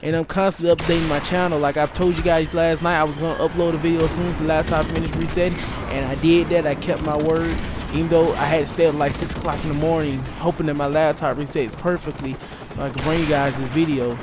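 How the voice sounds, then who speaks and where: A man telling a story to his viewers in a casual vlog, animated and rambling, repeating himself and tossing in "yo". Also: on the high side, fast. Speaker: YouTuber. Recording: noisy with game gunfire behind.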